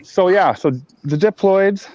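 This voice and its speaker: A man chatting casually on a live stream, rambling and repeating words, high and talking with a blunt in his mouth. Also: a little slow, a little mellow, lo-fi sound. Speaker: grower showing plants on a live stream.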